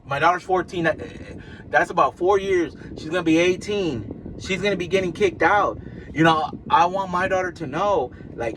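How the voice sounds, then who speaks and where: A man in his thirties venting in a personal vlog, halting and repeating himself as he talks. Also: sits high, a bit bright. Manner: halting, repetitive, venting and apologetic. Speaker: vlogger. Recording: noisy background hum.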